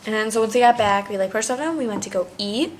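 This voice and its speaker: A chatty young woman at an average pitch, talking in a casual travel vlog. Her voice is giggly and loose, with "like" scattered all through. There is a faint hum of room noise behind her in a hotel room. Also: racing. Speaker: vlogger.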